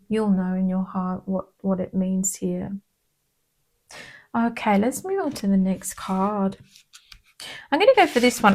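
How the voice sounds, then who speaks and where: Gentle woman reading tarot cards. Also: mid-range voice. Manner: gentle, reassuring, frequently adds "okay?". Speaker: tarot card reader. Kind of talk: casual spoken card reading.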